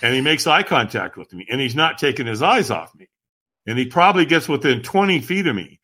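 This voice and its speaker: Man, podcast guest, animated storytelling, emphatic, very lively pitch, bright tone. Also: brisk, husky. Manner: acts out quoted voices, emphatic.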